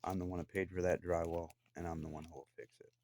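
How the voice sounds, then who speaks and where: A man's voice: sits low, level tone, fast talker, background noise. A man delivering an angry, profane, accusatory rant to the camera from his own room downstairs in a house. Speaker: vlogger.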